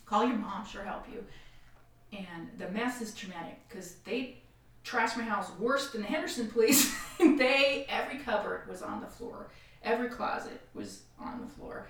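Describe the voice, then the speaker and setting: A woman guest on a podcast, telling a painful personal story in an animated way and acting out the voices of other people. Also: fairly high pitch, normal speed. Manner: animated, acts out quoted voices, frequent laughs. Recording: far-off echoey room mic.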